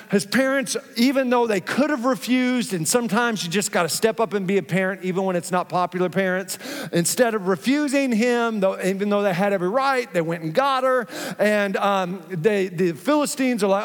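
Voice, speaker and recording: A man's voice: sits high, moderate pace, long reverb tail. A male pastor preaching a sermon in a church, conversational and joking with the congregation. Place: church sanctuary.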